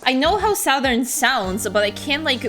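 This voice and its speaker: A woman's voice: sits high, sing-song, moderate pace, over music. A woman hosting a stream, chatting casually in a rambling way with lots of fillers. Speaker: streamer host. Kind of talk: casual chat.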